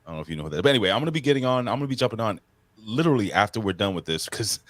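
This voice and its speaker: A man co-hosting a wrestling podcast, talking in an excited, profane, rambling casual way. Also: lowish voice, rapid-fire, dry recording. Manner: excitable, profane, jumps between topics. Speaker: podcast co-host. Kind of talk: casual chat.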